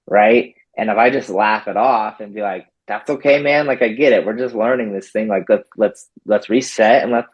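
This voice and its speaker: A man's voice on the low side comes through dull audio. He's a dog trainer recounting a story in an easygoing interview, animated as he acts out what people said with lots of "like."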